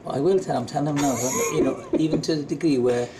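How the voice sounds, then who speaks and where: A man's voice: a little high, fast, a loud crowd. A man interviewing an actor, chatty and teasing with eager questions. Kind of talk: casual interview chat.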